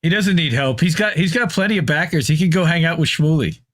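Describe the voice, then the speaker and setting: Brief: male guest commentator, slightly high voice, blunt and mocking, stammering restarts. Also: quick pace, fairly bright tone. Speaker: guest, independent news commentator. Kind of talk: casual political chat.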